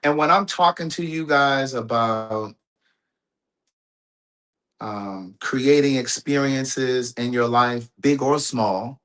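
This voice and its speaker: A man's voice: medium pitch, slow pace, pauses often, fairly bright tone. A man hosting a home livestream, telling a personal story in a rambling way, with restarts and asides to his audience. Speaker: livestream host. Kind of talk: casual storytelling to viewers.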